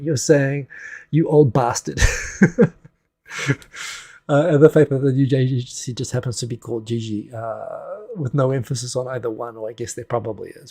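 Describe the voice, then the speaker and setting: Speaking with a mellow, medium-pitched voice, a livestream host talks through the news from his home setup on a desk USB mic. His take is casual and wry, wandering off and cutting himself off along the way.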